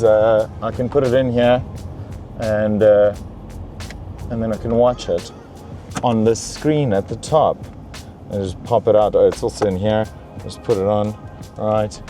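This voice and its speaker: A man's voice: medium pitch, measured pace, long pauses, dark tone, soft background music. A young man hosting a comedic car review from a car's back seat, in a playful, mock-pampered way. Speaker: host reviewing a luxury car.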